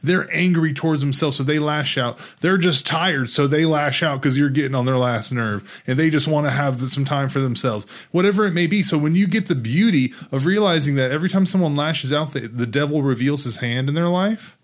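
A man's voice: fairly high pitch, brisk, hardly any pauses. Earnest man talking faith. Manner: earnest, gets excited and animated. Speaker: Christian teacher. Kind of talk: casual faith discussion.

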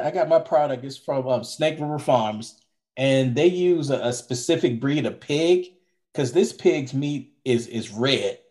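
A man's voice: medium pitch, a little mellow. A man co-hosting a podcast in a casual, rambling chat, often repeating himself. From from Maryland, now Florida. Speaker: podcast co-host.

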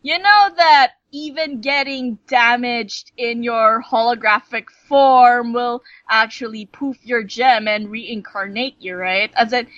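A young woman with a high, bright voice rambles through a casual chat, tripping over her words and cursing as she goes. The sound is dry and a little dull, like a cheap home mic. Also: dry recording. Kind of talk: casual ranting chat about a cartoon.

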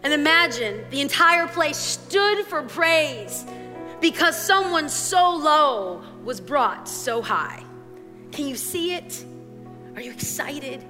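High, bright-voiced woman preacher in a hall. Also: takes it slowly. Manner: animated, acts out voices in quotes. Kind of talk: sermon. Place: church sanctuary. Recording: long hall reverb. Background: soft worship music.

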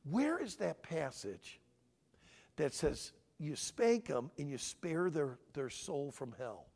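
An older man in his sixties preaches with a lively, sweeping delivery, his voice riding high. He talks emphatically and fires questions straight at the listeners. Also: slow, vocal fry. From Michigan. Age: 60s. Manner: animated, emphatic, asks audience questions. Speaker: conference speaker. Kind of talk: sermon-style teaching.

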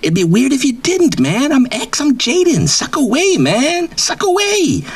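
In a comedic character bit, a man voices a boastful, swaggering male wrestling writer who brags nonstop, repeats his catchphrases, and drawls "man" constantly. The delivery is heavily acted, very high-pitched and pushed up, with huge pitch swings at an unhurried pace.

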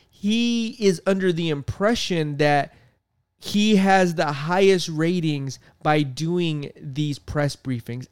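A man's voice: a little high, clean tone, dry recording, clean studio sound. A man hosting a podcast, ranting about politics in a heated, profane, repetitive way. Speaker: podcast host.

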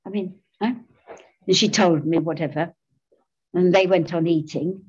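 A woman's voice: fairly low pitch, fairly quick, a little mellow, slightly rough, muffled recording. A middle-aged woman giving a personal recovery testimony, candid and self-mocking, laughing often as she talks. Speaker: speaker sharing recovery story.

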